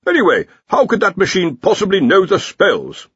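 A man's voice: high voice, sing-song, moderate pace, a bit bright, slightly rough, voice pushed up, exaggerated voice. A man voicing a pompous, overconfident old male wizard who talks breezily and dismissively, in a slightly dull recording. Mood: breezy. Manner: breezy, dismissive, self-assured.

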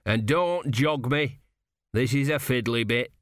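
A man's voice: mid-range voice, unhurried, dry recording, studio quality, natural voice. A man doing a weary, patient old embalmer. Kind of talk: audiobook character voice.

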